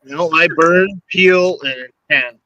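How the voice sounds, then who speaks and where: A man talking casually from an outdoor campsite, halting and laid-back. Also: fairly high pitch, bright, forceful tone, no echo, lo-fi sound. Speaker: co-host of a live stream. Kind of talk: casual chat.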